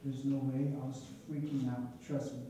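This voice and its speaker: A young man with an African accent telling his own story to a live audience, animated, laughing often and acting out what people said. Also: mid-range voice, moderate pace, a little hiss or hum. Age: young adult. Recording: echoey room picked up from a distance.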